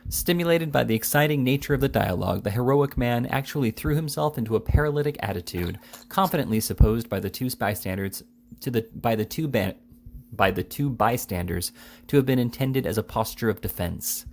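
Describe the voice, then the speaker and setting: A man reading a classic novel aloud in an unhurried way, now and then correcting a slip. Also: medium pitch, expressive, vocal fry. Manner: unhurried, with small slips and self-corrections. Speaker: audiobook reader.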